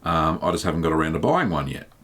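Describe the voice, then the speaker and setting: A man hosting a live stream, reading viewers' questions aloud and answering them in a relaxed, chatty way with plenty of ums. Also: very deep voice, fast, husky. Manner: relaxed and chatty, reads chat messages aloud, many um fillers. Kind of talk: casual live Q&A chat.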